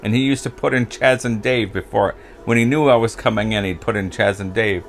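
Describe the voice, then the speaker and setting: A man's voice: fairly low pitch, brisk, faint music behind. An older American man chatting casually and telling pub stories, rambling, chuckling and losing track of names. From United States. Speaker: vlogger. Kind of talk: casual storytelling chat.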